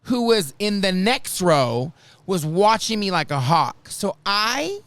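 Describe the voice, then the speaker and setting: A man hosts a casual podcast and tells a dramatic story. His pitch swoops widely, and he acts out the quoted lines with theatrical flair. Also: slow, no room sound. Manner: animated, dramatic retelling with acted quotes. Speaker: podcast host.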